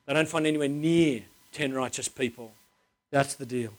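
A man's voice: mid-range voice, moderate pace. A man preaching a sermon in an informal, chatty way, driving points home by repeating phrases. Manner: emphatic, repeats phrases for stress.

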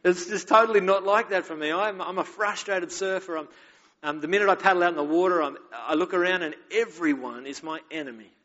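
Pastor, male, slightly higher voice, candid, chatty sermon delivery; dull recording with long hall reverb. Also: brisk, sharp tone. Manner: candid, conversational, self-mocking storytelling.

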